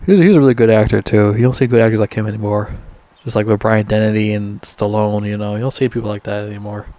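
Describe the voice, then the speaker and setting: A male movie reviewer gives a casual, profane recap, talking fast in a mellow voice with fairly even intonation. He rambles, laughs at his own jokes, and mimics characters in high squeaky voices, recorded dry and close with no room sound.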